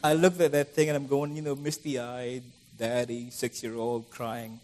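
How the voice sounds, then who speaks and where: A man's voice: mid-range voice, flat delivery, unhurried, a little mellow, slight background noise. A middle-aged man preaching a conversational sermon, acting out the voices of the people he quotes.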